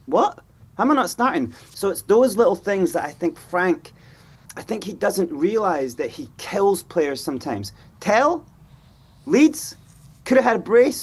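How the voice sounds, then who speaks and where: A man's voice: high voice, husky. A man hosting a football fan reaction show, talking passionately and with frustration, often acting out what players said. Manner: animated, frustrated, acts out players' voices.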